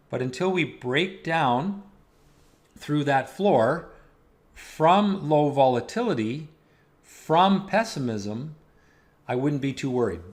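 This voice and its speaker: Man, market analyst host, steady explanatory talk, walking through charts, mid pitch. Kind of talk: weekly market commentary over charts.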